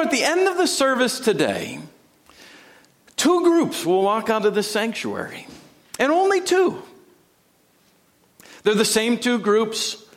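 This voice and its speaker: A man delivering a sermon in a high, lively voice that swings widely in pitch. He speaks slowly and deliberately, dropping to a near hush and then climbing into ringing emphasis. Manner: dramatic, with sudden drops to a hush and rising emphasis. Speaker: pastor. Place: church sanctuary.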